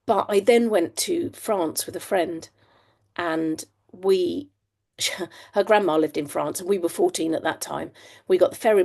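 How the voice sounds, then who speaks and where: A woman in her fifties from England shares her story as a guest on a podcast. Her voice sits low and has a gravelly edge. She talks chattily and openly, with many ums and restarts. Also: darkish tone. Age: 50s. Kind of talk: candid storytelling.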